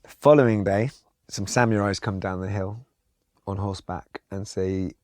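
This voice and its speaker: Calm, reflective male guest with a very low voice, relaxed storyteller, dry studio sound. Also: moderate pace, dry recording. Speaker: podcast guest, songwriter.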